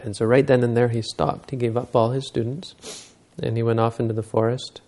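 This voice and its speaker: A man's voice: medium pitch, level tone, a little fast, darkish tone. A man giving a Buddhist dharma talk, telling stories and explaining teachings unhurriedly, using Pali terms.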